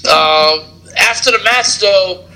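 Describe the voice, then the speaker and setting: A man co-hosting a podcast, recapping wrestling shows in casual, animated chat. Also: high voice, poor audio. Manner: animated, quick recap storytelling.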